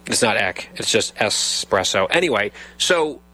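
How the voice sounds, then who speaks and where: A man's voice: lowish voice, animated, a little slow, pushed and bright, low-quality recording. A man hosting a radio talk show, chatting casually and teasing his guest with wry questions. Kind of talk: casual on-air banter.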